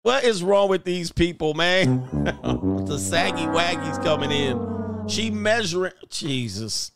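A man's voice: high voice, sing-song, takes it slowly, over music. A man reacting to video clips in casual, crude, exasperated commentary.

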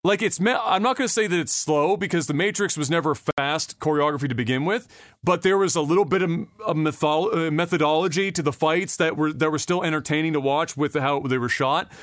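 A man's voice: a little high, fairly quick, fairly bright tone, no echo, studio quality. A man co-hosting a podcast, in casual chat, rambling and profane, with lots of fillers and restarts. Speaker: podcast co-host.

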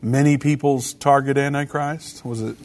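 A man co-hosting a casual religious talk show, chatting relaxed and reading quotes aloud. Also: mid-range voice, moderate pace. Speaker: podcast co-host.

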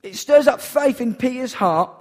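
A man's voice: very high voice, lively intonation, normal speed, a little mellow. A man preaching a sermon in an earnest, emphatic way, repeating key phrases for weight.

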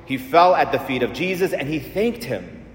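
A man's voice: on the high side, big pitch swings, normal speed. A man preaching an earnest, repetitive sermon as a Catholic priest in a church. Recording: echoey church with long reverb.

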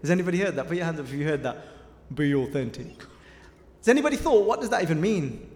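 A man's voice: high voice, sing-song, racing, darkish tone. A man giving a conversational sermon, telling stories and quizzing his audience with questions. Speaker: preacher. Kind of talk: sermon with storytelling. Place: large hall with a live audience. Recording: echoey hall with long reverb.

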